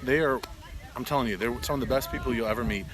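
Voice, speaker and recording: Out at a farm gathering, the same sort of casual vlog chat unfolds: a man in his thirties, a homesteading vlogger, talks fast in a medium-pitched voice to his animals, viewers and friends, with crowd and outdoor noise around.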